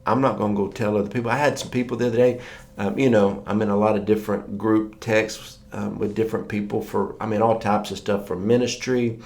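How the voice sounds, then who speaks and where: Man preaching, middle-pitched, chatty storyteller who voices the people he quotes. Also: steady tone, fairly quick, a little mellow. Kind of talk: sermon.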